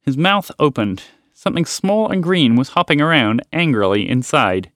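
A man narrating a children's story podcast as its host, with expressive storytelling. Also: fairly high pitch, moderate pace, no echo, studio quality.

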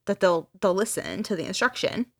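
A woman's voice: medium pitch, big pitch swings, a little fast. A woman podcast host casually retelling a story, acting out the dialogue with casual swearing.

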